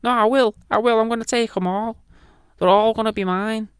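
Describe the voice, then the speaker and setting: A man voicing a smug, high-pitched Jesus with a Scouse accent, taunting a rival over souls. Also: fairly even intonation, brisk, clear, resonant tone, dry recording, studio quality, close to an everyday voice.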